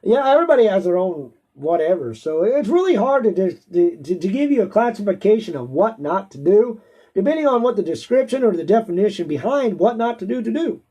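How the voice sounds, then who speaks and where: A man's voice: high-pitched, big pitch swings, a little fast, dark tone, breathy edge. A man with a stuffy nose, a host chatting casually and answering viewer questions, rambling and laughing often. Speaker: auctioneer.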